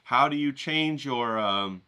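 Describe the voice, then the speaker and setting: A middle-aged man rambling casually to his viewers, profane and animated, acting out the voices of the people he quotes. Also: mid-range voice, takes it slowly, smooth. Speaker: vlogger painting outdoors.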